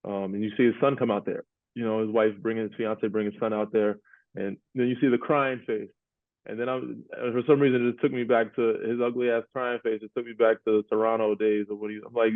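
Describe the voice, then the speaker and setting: A former NBA player hosts a podcast, talking casually about basketball in a laid-back way, laughing often and repeating himself. His medium-pitched voice moves little and runs a little fast, in a dry recording with tinny, phone-like audio.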